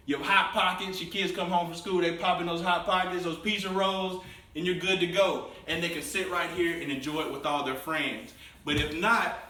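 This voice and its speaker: A man hosting a walkthrough home tour, pitching each room to viewers with salesman enthusiasm. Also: sharp tone, recorded from a distance. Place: inside a show home, bare rooms. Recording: very echoey room, voice from off the mic.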